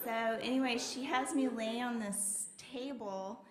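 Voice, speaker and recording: A woman's voice: a little high, measured pace, a crowd in the background. A young woman doing a stand-up set, telling her story in a chatty way with lots of fillers. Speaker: stand-up comedian. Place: comedy club stage. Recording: roomy club with faint noise.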